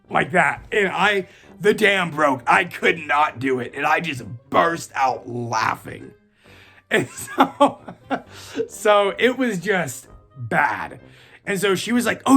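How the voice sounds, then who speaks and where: A man's voice: high-pitched, pushed and bright. A young man casually telling a funny story from his own life, rambling with lots of "like", swearing and laughing as he goes. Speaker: channel host.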